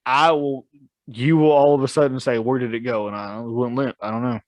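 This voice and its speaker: A mellow, medium-pitched male voice at a moderate pace, recorded dry on a studio podcast mic. He's a podcast co-host in casual chat, joking, laughing a lot, and trailing off into restarts.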